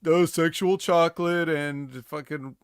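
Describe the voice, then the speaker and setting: A man's voice: on the high side, steady tone, a little slow, clean tone, dry recording, studio quality. Rambling man in casual podcast chat. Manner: rambling, many "like" fillers and restarts. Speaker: podcast co-host.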